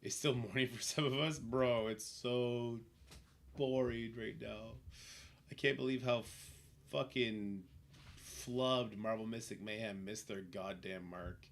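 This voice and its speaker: Gravelly, cursing male game streamer. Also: medium pitch, steady tone, slow, a little hiss or hum. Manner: profane, chatty, reacting to the game and chat. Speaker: livestreamer. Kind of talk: casual gameplay commentary.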